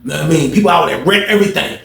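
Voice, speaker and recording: Talking very fast in a slightly high voice with vocal fry, a young man casually tells a jailhouse story. His retelling is animated and slangy, with quotes acted out, and the room echoes.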